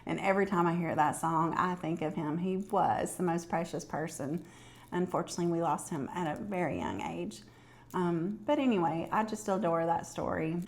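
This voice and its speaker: A woman's voice: lowish voice, moderate pace, a little mellow. A woman in her fifties vlogging to camera, chatting casually and telling stories with lots of fillers. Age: 50s. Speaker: lifestyle vlogger.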